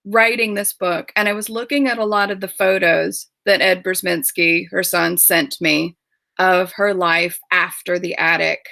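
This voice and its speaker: A woman author in a video call interview, speaking with emotion in a halting way and often repeating words, near tears. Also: lowish voice, steady tone, gravelly, sharp tone, dry recording. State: tearful.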